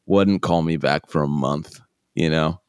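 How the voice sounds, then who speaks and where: Deep-voiced man telling a self-deprecating story. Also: measured pace, clean tone, no echo, clean studio sound. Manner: animated, self-deprecating, acts out other people. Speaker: interview guest. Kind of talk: casual storytelling.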